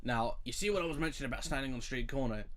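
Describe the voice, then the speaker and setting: A man's voice: medium pitch, very fast, a bit bright. A young man chatting through a film commentary, joking and rambling with trivia asides.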